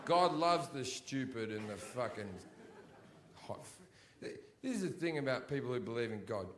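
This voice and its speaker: A man doing crude, profane stand-up comedy on stage, ranting and often rising into shouts. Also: mid-range voice, expressive, moderate pace, noisy background. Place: theater stage before a live audience.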